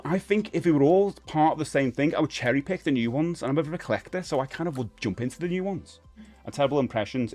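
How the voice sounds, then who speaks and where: A mid-range, darkish-toned male voice belongs to a London man in his forties with a Cockney accent. Hosting a live stream, he rambles casually, reads viewer comments, and often uses fillers and restarts himself.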